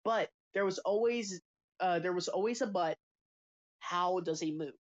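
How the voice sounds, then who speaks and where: A man's voice: high voice, unhurried, lo-fi sound. A man co-hosting a casual podcast chat, speaking loosely with fillers and swearing.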